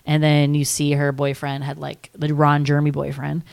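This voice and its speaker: Young woman with a really low voice, rambly podcast chat, says like a ton, swears casually. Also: completely flat delivery, normal speed, gravelly, a little mellow, clean tone. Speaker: podcast co-host. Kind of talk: casual film-discussion chat.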